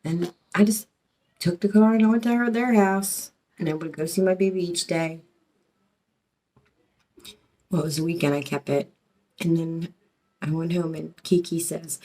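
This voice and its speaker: A middle-aged woman with a low voice tells her story casually. She rambles, swears often and breaks off mid-sentence to start again. Her telling stays emotional throughout. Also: fairly even intonation, moderate pace, dark tone. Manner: rambling, profane, emotional, many restarts. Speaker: storyteller recounting her past.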